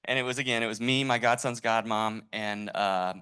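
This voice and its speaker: Man, animated storyteller, bright forceful voice, tribute speech. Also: lowish voice, moderate pace, smooth. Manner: animated storyteller, laughs through lines. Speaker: event attendee sharing a memory.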